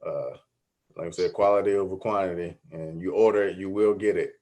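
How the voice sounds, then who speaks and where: A man's voice: deep voice, steady tone, fairly quick, dark tone, slight background noise. A man co-hosting a live podcast, easygoing and laughing along while promoting a small business. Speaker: podcast co-host. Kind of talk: casual live-stream chat.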